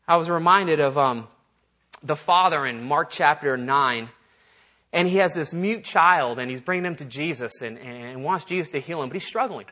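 A man's voice: fairly high pitch, expressive, moderate pace, sharp tone. A male pastor giving a conversational sermon, acting out the voices he quotes and often repeating words as he goes.

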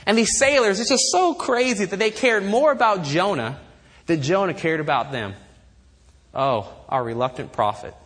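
Guy preaching, kinda high voice, gets fired up and throws in dry little jokes, big echoey church sound. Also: moderate pace. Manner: emphatic, animated, with wry asides. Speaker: pastor. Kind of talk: sermon. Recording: long reverb of a large hall.

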